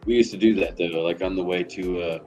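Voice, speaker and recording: Deep-voiced profane rambling man. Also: steady tone, a little fast, a little mellow, dull audio, faint music behind. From Tennessee. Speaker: delivery driver streamer. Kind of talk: casual chat while driving.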